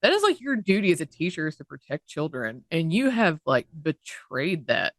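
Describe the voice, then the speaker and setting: A woman's voice: deep voice, sing-song, normal speed, a bit bright, dry recording, studio quality. A woman co-hosting a podcast in casual chat, talking indignantly at length and swearing freely. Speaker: podcast co-host.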